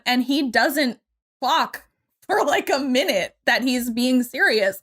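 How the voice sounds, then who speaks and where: Young woman, podcast co-host, casual movie recap, fairly high voice, animated, swears now and then. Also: a little slow.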